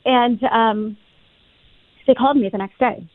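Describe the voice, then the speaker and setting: A middle-aged woman chats as a podcast guest, telling stories with lively energy and cursing freely. Her voice sits a little high and comes over a thin, phone-like line. The sound is dry, with no room around it. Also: measured pace, dry recording. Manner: animated, swears freely, acts out her own past lines. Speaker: podcast guest, reality TV cast member. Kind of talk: casual storytelling chat.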